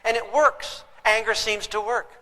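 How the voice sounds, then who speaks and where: An older man delivers a live parenting lecture unhurriedly in a high, sharp-toned voice with fairly even intonation. Long hall reverb colors the recording as he emphatically tells stories and asks rhetorical questions.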